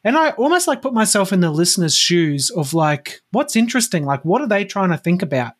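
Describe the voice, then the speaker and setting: A man's voice: sits high, sing-song, a little fast. A man hosting a podcast, talking reflectively in a casual way with lots of "like". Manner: reflective, many fillers like "like". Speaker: podcast host.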